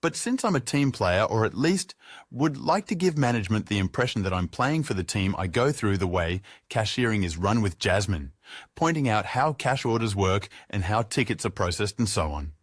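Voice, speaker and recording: A man's voice: lowish voice, sing-song, normal speed, dry recording, clean studio sound. A man narrating his own audiobook in the first person, sardonic and freely profane.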